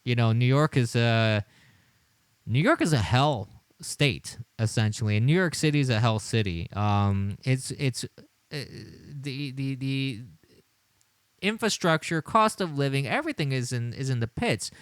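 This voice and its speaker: A man's voice: mid-range voice, animated, a little slow, clear, resonant tone, dry recording. A man hosting a casual livestream, reading replies aloud with frequent laughter, disbelief and stumbling restarts. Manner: laughing, incredulous, rambling with restarts. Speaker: livestream host.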